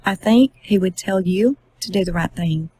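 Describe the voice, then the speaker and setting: A woman voicing a calm, coaxing investigator. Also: mid-range voice, moderate pace, breathy edge, natural voice, poor audio.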